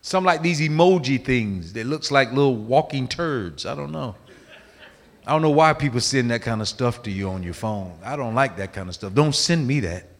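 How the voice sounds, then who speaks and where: A man preaching a sermon, telling a story dramatically and swinging between hushed and loud delivery. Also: medium pitch, animated, normal speed.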